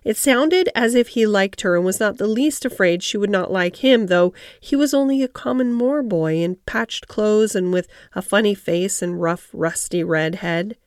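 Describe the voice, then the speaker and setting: A woman narrating an audiobook of a classic story in a calm, measured reading style. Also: medium pitch, no echo, studio quality.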